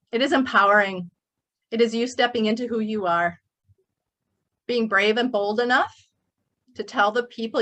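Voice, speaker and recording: A woman's voice: on the high side, a bit bright. A middle-aged woman speaking to her audience in an emphatic, preachy way, as the speaker at a motivational workshop. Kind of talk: motivational speech. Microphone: speaking to a live online group.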